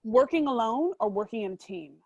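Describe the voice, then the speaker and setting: A woman's voice: fairly high pitch, animated, a little fast, mellow, highs cut off. A woman hosting an interview on a video call, playfully teasing as she fires off questions. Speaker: host. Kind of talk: quick-fire interview questions.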